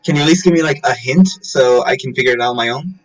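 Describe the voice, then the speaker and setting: A man's voice: medium pitch, fast, lightly acted, low-quality recording. A man playing a curt young woman adventurer. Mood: exasperated.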